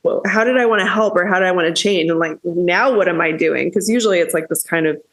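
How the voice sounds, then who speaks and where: Candid, low-voiced woman podcast host. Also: fast talker. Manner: candid, swears freely, grows heated. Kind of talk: casual podcast chat.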